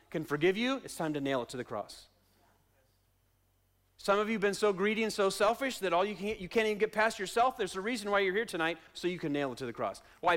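A male pastor preaching a sermon in a church, using repeated questions and refrains and swinging between soft and loud delivery. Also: high-pitched. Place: church sanctuary.

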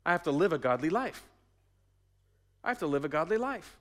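A man's voice: fairly high pitch, big pitch swings, fairly quick. A man preaching a sermon as pastor, conversational, asking the congregation questions and repeating his phrases.

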